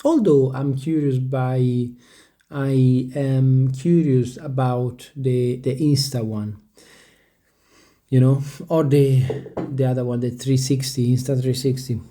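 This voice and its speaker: Hesitant rambling man, mellow voice. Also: mid-range voice, steady tone, slow. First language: not English. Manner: rambling, hesitant, with many restarts; stumbles over word pronunciation. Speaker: vlogger. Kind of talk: casual talk to camera.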